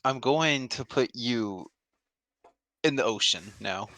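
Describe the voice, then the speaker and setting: A man with a bright, forceful voice trading jokes with friends during a stream. He swears a lot and laughs often. The sound is close and dry. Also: medium pitch, lively intonation, takes it slowly, no room sound. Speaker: streamer voicing a game. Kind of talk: casual chat with friends.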